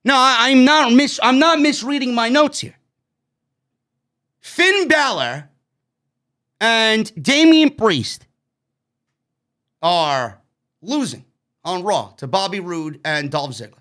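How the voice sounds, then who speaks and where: A man's voice: sits high, moderate pace, bright, forceful tone. A man reviewing a wrestling show on his own, blunt and sarcastic, swearing freely. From New York. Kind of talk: opinionated solo show review.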